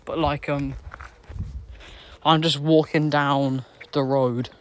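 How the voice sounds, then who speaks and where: A fairly high male voice with little pitch movement speaks at a slow pace, a faint hiss or hum underneath. The British man is live-streaming from his phone outside on a street, chatting with viewers. His speech rambles and loops back, heavy with fillers and restarts.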